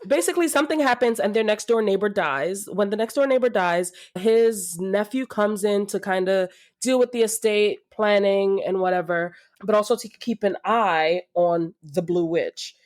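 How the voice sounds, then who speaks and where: A woman's voice: medium pitch, moderate pace, hardly any pauses. Gushing woman chatting about books. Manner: gushing, animated, laughs often. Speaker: podcast co-host. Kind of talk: casual book-review chat.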